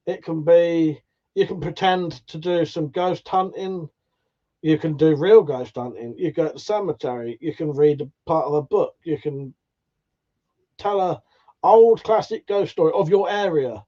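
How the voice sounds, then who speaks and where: Chatty man hosting a livestream, lo-fi sound. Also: sits high. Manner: chatty, swears casually, greets viewers by name. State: tired, yawning. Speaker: livestream host. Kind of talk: casual live chat reading viewer comments. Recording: dull lo-fi stream audio.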